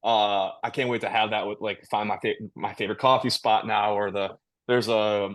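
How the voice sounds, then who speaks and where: Laid-back man, low voice. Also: level tone, moderate pace, a bit bright. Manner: laid-back, rambling with many restarts and laughs. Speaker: touring metal band musician, guest. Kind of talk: casual interview chat.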